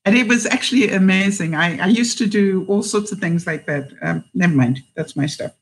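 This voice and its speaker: A woman's voice: mid-range voice, fairly quick, rough recording. A woman hosting a casual livestream, chatting in a rambling way, laughing often and reading out viewer comments.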